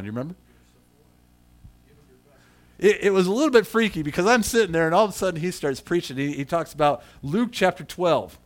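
A middle-aged man preaching a sermon in a conversational way and calling on people in the congregation by name. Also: a little high. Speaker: pastor.

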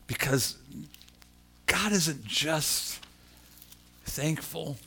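Bright-voiced older male preacher. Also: a little high, extremely slow, slight background noise. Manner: animated, emotional, self-deprecating storyteller. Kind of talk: sermon with personal storytelling.

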